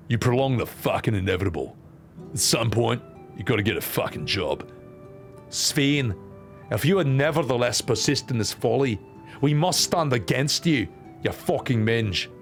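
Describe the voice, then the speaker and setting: A brash young warrior princess, voiced by a man in a broad Australian accent, blunt and foul-mouthed. The voice sits at an ordinary middle pitch, lecturing in crude terms, with faint game music behind. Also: natural voice. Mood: defiant.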